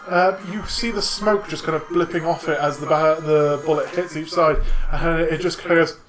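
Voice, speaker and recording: A man's voice: a little high, fairly bright tone. A man running a tabletop game as dungeon master, narrating in a chatty way with lots of fillers and laughs.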